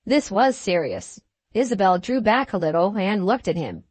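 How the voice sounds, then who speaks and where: A woman's voice: mid-range voice, big pitch swings, moderate pace, a little mellow, no room sound. Woman narrating a classic novel. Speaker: audiobook narrator.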